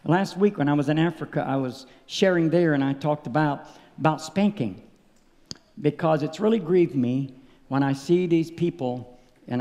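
High-pitched preacher in a reverberant tent. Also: male voice. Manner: storytelling, rising to loud emotional peaks, acting out his story with sound words. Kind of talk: sermon. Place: revival tent meeting.

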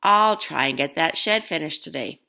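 A woman voicing a cheerful old grandpa who keeps all his things, read gently from a storybook. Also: sits low, lively intonation, moderate pace, creaky, full character voice.

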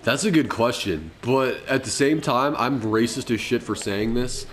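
A man's voice: mid-range voice, lively intonation, normal speed, fairly bright tone, a little hiss or hum. A young man, a podcast co-host, telling a story in loose, profane casual chat and laughing often. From Colorado.

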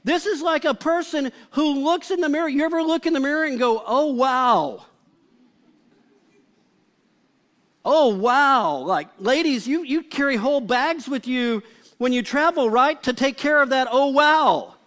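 Brief: male pastor with a very high voice, preaching in a chatty, joking way. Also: brisk, fairly bright tone. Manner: conversational and humorous, with frequent filler "like". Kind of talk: live sermon.

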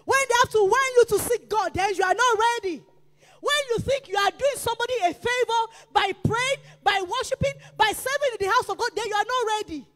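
Woman preacher, very high and urgent voice, hammering refrains, reverb-heavy church hall. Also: fairly quick. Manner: emphatic, repetitive exhortation with shouted peaks. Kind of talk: sermon.

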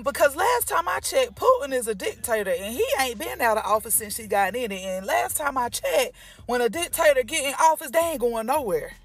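A woman's voice: high voice, fairly bright tone. A woman giving casual direct-to-camera commentary in a sassy, sarcastic tone full of rhetorical questions. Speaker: political commentator.

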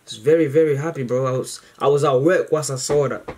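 A man hosting a reaction video, chatting casually to camera in a rambling, slangy way full of fillers, excited and grateful. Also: mid-range voice, brisk, background noise.

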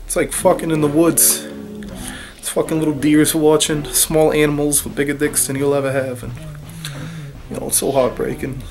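Man, raised pitch, raspy worn voice, profane taunting rant, music behind. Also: fairly even intonation, moderate pace. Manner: profane, taunting, rhetorical "huh?"; raspy, losing his voice. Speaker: fragrance reviewer. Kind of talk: crude comedic product review.

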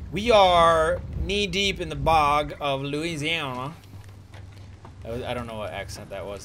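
A man hosting a casual let's-play video, playful and excitable and swearing freely as he narrates his gameplay. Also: mid-range voice. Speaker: gaming video host. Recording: noisy game audio behind the voice.

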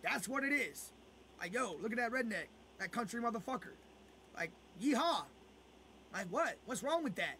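A man chats on his game stream in a very high, bright voice. He rants profanely at viewers and circles back over the same words again and again. It sounds like loose, off-the-cuff live talk. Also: a little hiss or hum. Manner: profane, ranting, repeats himself. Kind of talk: casual live-stream chat.

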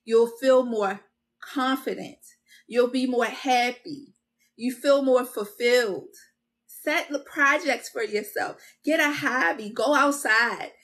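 A woman hosts a self-care video, delivering a motivational self-help talk with a repetitive, preacher-like rhythm and calling her viewers y'all. Her fairly high, slightly bright voice takes things slowly, staying casual and conversational with confessional asides.

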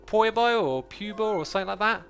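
A man's voice: high voice, expressive, fast, creaky, over loud music. A man hosting a casual gaming livestream, cheerful and jokey as he tours builds with a friend. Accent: British. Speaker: livestream host.

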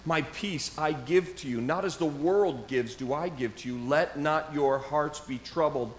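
A man preaching from the pulpit, leaning hard on each phrase of the scripture he reads before easing into relaxed, everyday asides. His voice sits a little high for a man. The sound is roomy and echoey, with a faint hum of the church underneath. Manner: reads scripture aloud with slow emphatic stresses, then casual asides. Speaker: pastor. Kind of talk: sermon. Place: church sanctuary.

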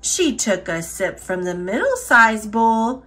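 Reading from a children's picture book, this storyteller uses a slightly high voice and a careful, expressive delivery.

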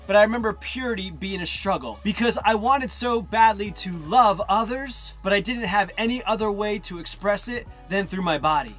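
Animated man sharing a faith testimony. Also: high-pitched. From northern New Jersey. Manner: animated, acts out quoted voices. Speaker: testimony speaker.

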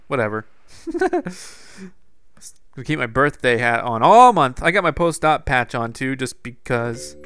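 A man hosting a gaming video, chatting casually as he plays, thinking out loud and addressing his viewers as "guys". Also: mid-range voice. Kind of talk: casual gameplay commentary.

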